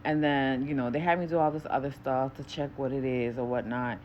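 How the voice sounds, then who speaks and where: Low-voiced woman telling a testimony. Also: steady tone, fairly quick, muffled recording, a little hiss or hum. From New York. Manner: acts out quoted speech in a higher voice; grows quieter and softer later in the story. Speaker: Christian vlogger. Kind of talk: casual testimony storytelling.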